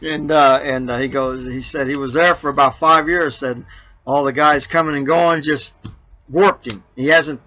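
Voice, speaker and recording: A man's voice: a little high, fairly even intonation, moderate pace, sharp tone, muffled recording. A man hosting an RV vlog, telling a joke in a casual, rambling way, full of fillers and restarts. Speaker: RV vlog host.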